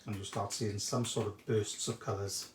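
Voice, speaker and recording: A man's voice: on the low side, level tone, moderate pace. A man hosting a live craft demonstration, chatting and greeting viewers by name as he works. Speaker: craft shop host demonstrating a technique. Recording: echoey room, faint background noise.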